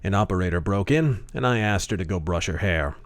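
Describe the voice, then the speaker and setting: Man, very low voice, gruff deadpan hard-boiled narration, dry close sound. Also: fairly quick, dry recording. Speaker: audiobook narrator. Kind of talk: hard-boiled first-person audiobook narration.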